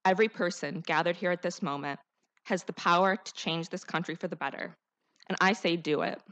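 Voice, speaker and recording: This teenage girl is the salutatorian, delivering a rousing, sincere, heartfelt graduation speech at a podium microphone. She talks briskly in a fairly low, slightly bright voice.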